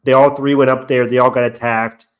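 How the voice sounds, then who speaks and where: A man's voice: medium pitch, flat delivery, brisk, smooth. A young man co-hosting a casual review chat, rambling with lots of fillers and acting out lines he quotes. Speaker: podcast co-host.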